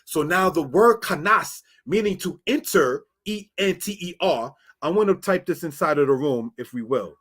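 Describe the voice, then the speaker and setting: A man teaching Bible Hebrew in a slow, repetitive way, often asking "all right?" and calling listeners brothers and sisters. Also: on the high side, lively intonation, fairly bright tone, slightly rough. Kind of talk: screen-share Hebrew lesson.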